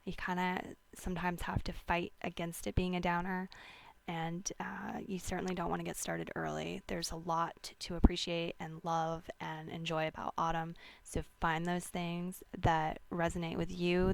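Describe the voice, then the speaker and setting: A woman hosting a wellness talk, giving casual seasonal health advice in a slow, rambling way with many fillers and restarts. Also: lowish voice, vocal fry. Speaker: wellness host.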